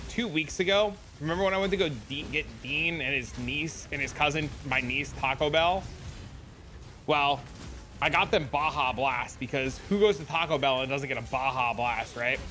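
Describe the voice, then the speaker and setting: Bright-voiced, profane young streamer guy. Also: a little high. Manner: loose and heavily profane, peppered with dude and bro; excitable storyteller. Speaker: livestream host. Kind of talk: casual livestream chat with viewers.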